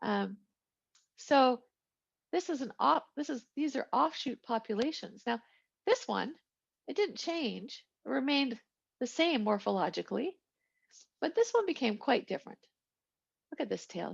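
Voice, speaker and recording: A woman's voice: high-pitched, sing-song, normal speed, gravelly, pauses often, breathy edge. A woman teaching a biology lecture in a chatty style, with asides and small jokes. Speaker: biology instructor. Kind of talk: recorded lecture. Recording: lo-fi, muffled recording.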